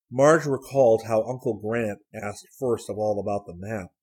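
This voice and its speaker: A man reading a story aloud as an audiobook narrator, in a measured, even storytelling manner. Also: on the low side, slightly rough. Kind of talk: scripted narration.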